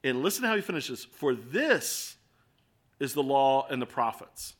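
A man's voice: medium pitch, very animated, moderate pace. A man with an American accent preaching a sermon in an earnest, conversational way, full of rhetorical questions. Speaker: pastor.

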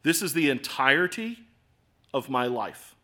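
A man in his forties preaching a sermon in a conversational, self-deprecating way, with swings between loud and soft. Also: medium pitch, big pitch swings, measured pace. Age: 40s. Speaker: pastor.

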